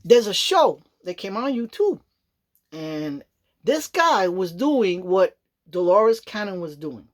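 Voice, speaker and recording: A woman's voice: mid-range voice, lively intonation, slow pace. A woman vlogging in a loose, rambling chat, often checking in with the listener and breaking into laughs. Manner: rambling, chatty, repeats "you know what I mean", laughs often. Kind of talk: casual rambling monologue.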